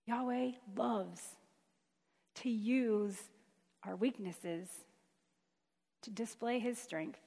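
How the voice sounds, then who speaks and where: Woman, preacher, sermon, emphatic, conversational, fairly high voice, echoing hall. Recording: long hall reverb.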